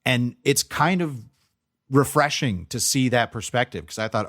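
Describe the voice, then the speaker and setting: A man's voice: mid-range voice, very animated, moderate pace. A young adult man co-hosting a podcast, chatting casually about movies with lots of fillers and restarts. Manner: rambling, frequent fillers and restarts. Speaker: podcast co-host. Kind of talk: casual movie review chat.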